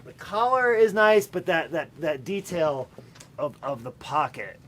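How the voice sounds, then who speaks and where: A man's voice: fairly high pitch, big pitch swings, measured pace, a bit bright. A man hosting an online auction, showing an item and praising it with eager short agreements. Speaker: auction host. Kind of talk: casual live-stream chat.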